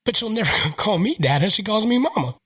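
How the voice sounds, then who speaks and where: A man's voice: high voice, expressive, a little fast, sharp tone, slightly rough, no echo, low-quality recording. A young man with a Southern US accent, hosting a casual podcast chat and telling stories in a laid-back way. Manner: laid-back, storytelling with quoted voices. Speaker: podcast host.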